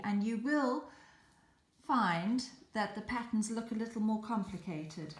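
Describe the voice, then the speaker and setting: A woman hosting a beading tutorial, calmly explaining each step as she works. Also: mid-range voice. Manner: calm, chatty explaining while working. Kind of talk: step-by-step craft demonstration.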